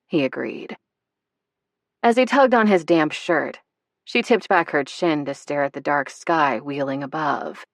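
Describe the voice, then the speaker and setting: An audiobook narrator reads a novel in scripted narration, her low voice measured and expressive. The recording is dry and close, with no room sound at all.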